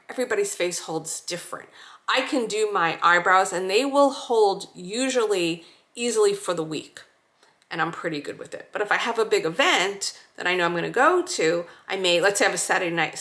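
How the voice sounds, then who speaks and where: A woman calmly demonstrating a skincare routine, giving slow, reassuring step-by-step cues. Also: fairly low pitch. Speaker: skincare instructor. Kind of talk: demonstration tutorial.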